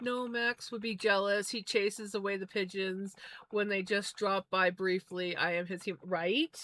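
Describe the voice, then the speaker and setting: A woman's voice: medium pitch, fairly even intonation, unhurried, fairly bright tone. Chatty woman streaming while spinning yarn. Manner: chatty, rambling, laughs easily. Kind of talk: casual chat.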